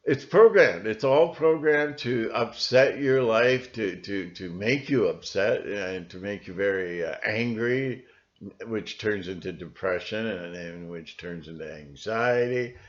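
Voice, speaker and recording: Halting man rambling on lo-fi audio. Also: on the low side. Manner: halting, with many fillers and restarts. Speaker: channel host. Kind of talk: rambling solo monologue. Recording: dull lo-fi recording.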